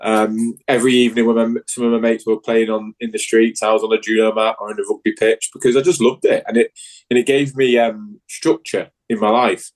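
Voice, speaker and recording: A man's voice: lowish voice, level tone, a little fast, low-quality recording. Candid Northern English man, rambling. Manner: frank, rambling with many restarts. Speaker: guest, Paralympic judoka. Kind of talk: casual interview chat.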